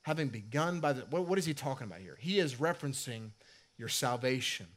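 A man's voice: medium pitch, expressive, a little fast, fairly bright tone. A middle-aged man preaching a sermon as pastor, conversational and self-deprecating, repeating key lines for emphasis. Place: church sanctuary.

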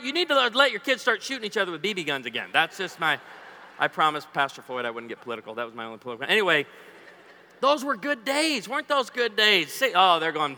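A man's voice: high-pitched, brisk. A man preaching a humorous sermon in a church, joking and quizzing the audience. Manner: lively, jokey, quizzes the audience. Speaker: guest preacher. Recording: echoey hall.

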